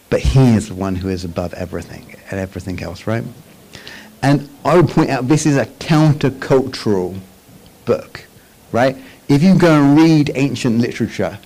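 In a low-quality recording, a man with a medium-pitched, dark voice gives a chatty Bible teaching with slides. He frequently checks in with listeners using tag questions and often restarts his phrases.

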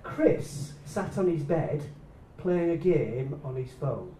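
A man delivers a sermon in a lively, fairly high voice that leaps from loud exclaiming bursts down to soft, hushed phrases. He stands back from the microphone in an echoey room with faint ambient noise behind him. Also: takes it slowly, far from the mic. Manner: animated, shifting between loud bursts and hushed soft lines. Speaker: preacher. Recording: echoey room, speaker away from the mic.

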